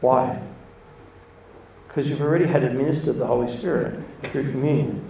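A man delivers a relaxed, anecdotal sermon full of asides. His voice has a gravelly edge and sits at a middle pitch. He is picked up from across an echoey room with a faint hum of ambience behind him. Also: moderate pace, recorded from a distance. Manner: chatty, laughs between points, lively storytelling. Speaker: church speaker. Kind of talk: informal sermon with storytelling.

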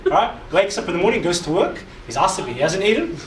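Emphatic high-voiced man preaching. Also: big pitch swings, brisk, few pauses, a loud crowd. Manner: repetitive, emphatic, asks the audience questions. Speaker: preacher, youth speaker. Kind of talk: sermon to a live group. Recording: echoey hall, mic far off, audible noise.

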